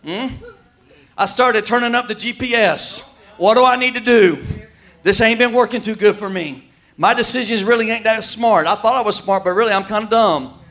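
A male pastor preaching a sermon in a folksy, emphatic way, shouting at the peaks and dropping quiet elsewhere. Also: high voice, brisk.

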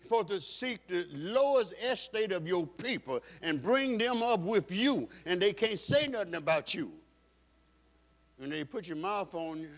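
A man preaching from the pulpit with a fairly high voice. He drives each point home and repeats his key lines. His delivery is emphatic, as a pastor's sermon. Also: animated, unhurried, a bit bright.

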